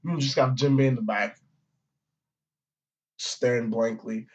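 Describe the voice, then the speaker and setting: A man's voice: mid-range voice, fairly even intonation, a little slow. A man reviewing a comic chapter in a casual, rambling way, with slang, swearing and plenty of fillers. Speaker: manga reviewer. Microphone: audio-only recording. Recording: dull lo-fi audio.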